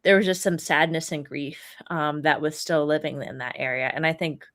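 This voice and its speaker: Podcast guest: woman with a very low voice, reflective, lots of ums. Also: fairly even intonation, moderate pace. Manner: thoughtful, frequent ums and soft laughs. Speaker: guest, Reiki practitioner. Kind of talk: casual podcast conversation.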